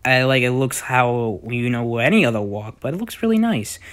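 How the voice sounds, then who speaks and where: A young man giving casual, rambling gameplay commentary with lots of fillers and sudden excited outbursts. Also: medium pitch, normal speed. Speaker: gaming YouTuber.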